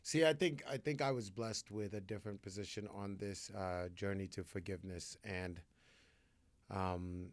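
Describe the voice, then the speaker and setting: A man's voice: on the low side, fairly even intonation, moderate pace, dry recording. Blunt, profane male podcast host. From New Jersey. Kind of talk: candid recovery podcast talk.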